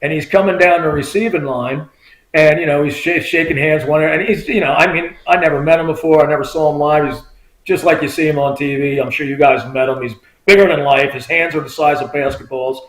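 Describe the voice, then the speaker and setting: A middle-aged man with a fairly high voice spins a rambling story as a podcast guest. He leans on "you know" and "I mean" and acts out the voices he quotes. His voice bounces around an echoey room. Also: steady tone, fairly quick. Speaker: podcast guest, former state trooper. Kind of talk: casual storytelling.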